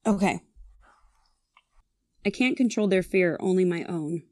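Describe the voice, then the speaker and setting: Excitable young woman, giggly. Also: fairly low pitch, measured pace, no echo, clean studio sound. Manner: excitable, giggly, swears under breath. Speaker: quiz contestant. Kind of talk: casual chat.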